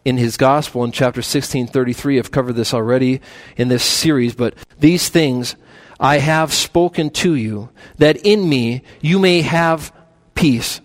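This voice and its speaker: A man preaching a sermon, building to loud, emphatic peaks, then dropping low, repeating lists and restarting words mid-phrase.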